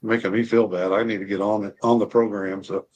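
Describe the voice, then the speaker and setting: A man's voice: lowish voice, little pitch movement, brisk, a little hiss or hum. A man from Alaska, a guest on a casual chat show, telling self-deprecating stories and laughing often.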